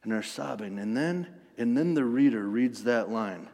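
Man, pastor, sermon, mid pitch, hushed to forceful, echoing church hall. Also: lively intonation, normal speed, hardly any pauses. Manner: dynamic, swings from hushed storytelling to forceful emphasis. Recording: long hall reverb.

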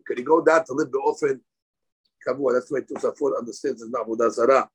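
A man's voice: mid-range voice, steady tone, quick pace, husky, rough recording. A man teaching a live Talmud class. He reads Aramaic lines aloud, explains them in English, and rises sharply on key points. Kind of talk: daily Talmud class lecture.

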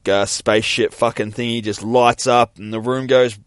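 Animated, swearing male podcast host. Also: medium pitch, moderate pace, no echo, studio quality. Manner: animated, profane storytelling that acts out characters. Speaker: comic book podcast host. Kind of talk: casual solo podcast recap.

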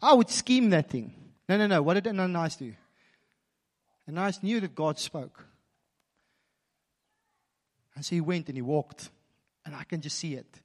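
A man preaching a sermon, telling stories animatedly and swinging from quiet, intimate moments to emphatic passages. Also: fairly high pitch, animated, moderate pace, pauses often. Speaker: pastor.

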